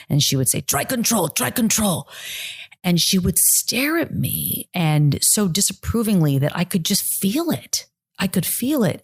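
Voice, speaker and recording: A woman in her forties speaks in a somewhat low voice as a podcast host. She tells personal stories in an earnest, reflective way and often restarts her sentences. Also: darkish tone. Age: 40s. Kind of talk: personal storytelling monologue.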